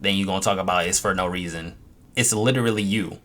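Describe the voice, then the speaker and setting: A man's voice: deep voice, fast, a bit bright. A young man, a streamer, venting angrily and profanely about his chat, mocking them in quoted voices. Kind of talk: frustrated vent to camera.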